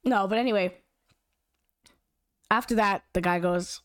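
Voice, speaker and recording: A young woman telling a story in casual, animated chat, slangy and giggly with lots of "like". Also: medium pitch, measured pace, no room sound, clean studio sound.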